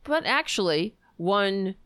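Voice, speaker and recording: This is an American woman reading news aloud in a casual vlog, and she talks slowly. Her pitch swings widely and she drops sarcastic asides along the way. The recording is dry and close, with no room echo. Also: animated, fairly bright tone, clear, resonant tone. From United States. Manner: sarcastic asides, stumbles over words, talks to her dog.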